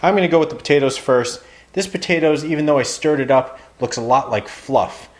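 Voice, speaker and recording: A man's voice: fairly high pitch, fairly quick. A man hosting a casual frozen food review to camera, wry and playfully exasperated, often calling his viewers "guys.".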